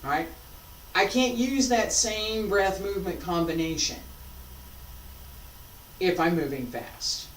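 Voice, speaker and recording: A woman teaching a martial arts class, calmly coaching breath and movement and repeating cues. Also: on the low side, takes it slowly, pauses often. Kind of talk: class instruction while practicing. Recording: roomy, from a distance with faint noise.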